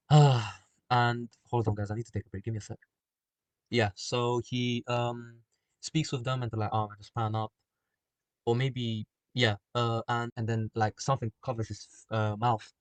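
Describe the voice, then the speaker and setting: A man casually pitching a horror film plot, rambling and full of fillers. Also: clean tone, dry recording. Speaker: group chat member pitching a film plot.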